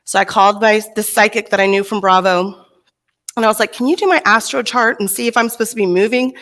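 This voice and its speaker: A middle-aged Texan woman delivers a motivational keynote on a conference stage, speaking fast in a mid-range voice. She's an animated storyteller, acting out the voices of the people in her stories whenever she quotes them.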